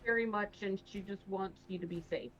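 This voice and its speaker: Calm reassuring woman player, muffled lo-fi mic. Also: mid-range voice, fairly quick. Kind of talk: tabletop game banter. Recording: dull lo-fi mic.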